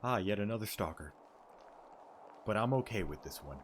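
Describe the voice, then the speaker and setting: A man's voice: on the low side, animated, normal speed, a little hiss or hum. A man streaming a game, joking and thinking aloud as he plays. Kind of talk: gameplay commentary.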